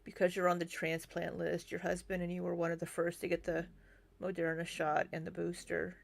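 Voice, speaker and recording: A woman's voice: fairly low pitch, monotone, a little fast, gravelly. A woman hosting a live commentary stream, reacting to video clips and answering viewers' comments in a chatty way.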